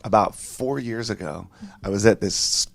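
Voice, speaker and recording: A man's voice: lowish voice, a little slow, creaky, no echo. A middle-aged man animatedly telling a road-trip anecdote, swearing freely and acting out other people's lines. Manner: swears freely, acts out quoted voices. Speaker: interview guest.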